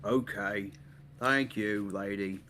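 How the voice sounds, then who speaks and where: Player, man, mid pitch, bright tone, casual and halting. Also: fairly even intonation, slight background noise. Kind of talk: tabletop game play.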